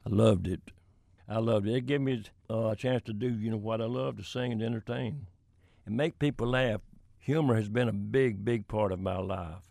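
A man's voice: lowish voice, moderate pace, vocal fry, darkish tone, no room sound, clean studio sound. An older man from Florida, telling folksy stories from his career in an interview. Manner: folksy anecdotal storytelling with chuckles. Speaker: country singer-songwriter guest. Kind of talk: storytelling in an interview.

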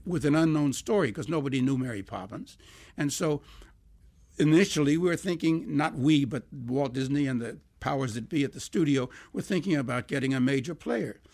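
An older man with a gravelly voice that sits a little high. He tells his stories in an interview, acting out what people said and breaking into laughter. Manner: animated, laughing, acts out quoted dialogue. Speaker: songwriter guest. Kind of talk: anecdotal interview storytelling.

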